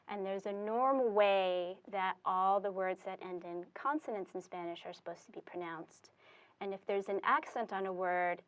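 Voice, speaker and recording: A woman teaching Spanish, explaining step by step with fillers as she writes on a board. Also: mid-range voice. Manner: slow, deliberate explaining with fillers. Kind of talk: classroom explanation at a whiteboard.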